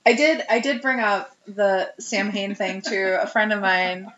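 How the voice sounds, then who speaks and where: A giggly woman co-hosts a casual podcast and pokes fun at herself as she tells stories. Her voice sits in a middle pitch and the room is echoey. The sound is slightly dull. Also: fairly even intonation, a little slow, a bit bright, slight background noise. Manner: giggly, self-deprecating storyteller. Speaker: podcast co-host. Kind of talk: casual chat.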